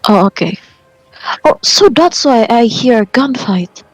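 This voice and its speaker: Halting woman player, dry close sound. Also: a little high, animated, dry recording, faint music behind, low-quality recording. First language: non-native English speaker. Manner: puzzled, questioning, halting. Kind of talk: playing a tabletop game over voice chat.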